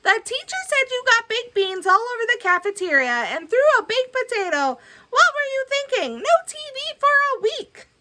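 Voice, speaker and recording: A woman voicing an exasperated mother scolding her son in a shrill, high voice in a storybook read-aloud. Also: sing-song, moderate pace, sharp tone, exaggerated voice.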